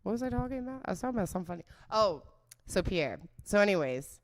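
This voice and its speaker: A young woman hosting a podcast, telling a story in an animated, profane, joking way. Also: medium pitch, fast talker. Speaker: podcast host.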